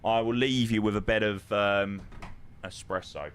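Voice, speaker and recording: There's slight background noise as a man with a fairly low, steady, somewhat bright voice chats unhurriedly on a live stream. Flying a flight simulator, he answers viewers with plenty of ums and calls them "mate."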